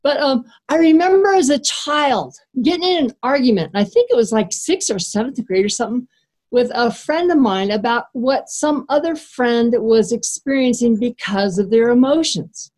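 A woman who trains horses, candidly sharing a personal story with a group in an animated, easygoing way. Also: on the high side, normal speed. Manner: animated and candid, laughing easily.

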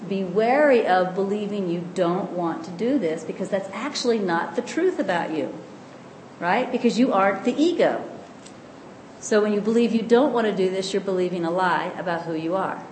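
Gentle woman teaching in an echoey room. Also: medium pitch. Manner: calm, gentle and explanatory, often slows for emphasis. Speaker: spiritual teacher. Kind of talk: spiritual teaching talk. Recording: echoey room with faint background noise.

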